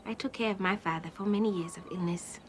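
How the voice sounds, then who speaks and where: A woman playing a cheerful, kindly middle-aged woman detective, speaking in warm, formal, teasing phrases. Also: medium pitch, quick pace, a little hiss or hum, natural voice. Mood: sympathetic, firm.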